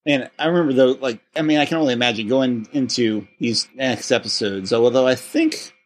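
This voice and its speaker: A man's voice: mid-range voice, brisk. A man hosting a casual chat, talking in loose rambling stretches with many restarts. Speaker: podcast host.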